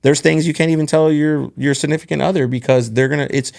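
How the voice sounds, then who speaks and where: A man's voice: fairly high pitch, steady tone, quick pace, gravelly, darkish tone. A man hosting a podcast, telling earnest, candid stories from his working life in casual conversation. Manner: candid, earnest storytelling about work. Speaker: podcast host.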